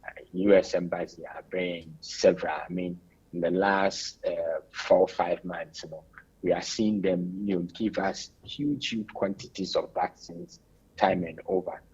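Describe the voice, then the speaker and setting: A man with a Ghanaian accent, a radio interview guest giving measured, explanatory answers. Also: low voice, fairly even intonation, a little mellow, breathy edge, highs cut off.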